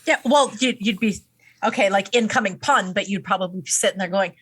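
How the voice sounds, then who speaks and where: A woman's voice: medium pitch, brisk, a bit bright, breathy edge. A woman co-hosting a podcast, chatting about an album in a hesitant, giggly way, often restarting her sentences. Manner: hesitant, giggly, self-correcting. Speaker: podcast co-host. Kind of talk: casual album review chat.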